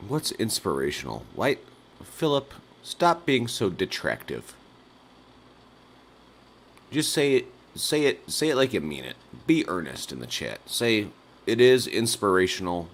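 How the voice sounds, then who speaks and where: A man's voice: fairly low pitch, very animated, unhurried. A man hosting a nightly call-in livestream, rambling through absurd jokes and laughing at his own bits. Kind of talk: rambling absurdist live-stream chat.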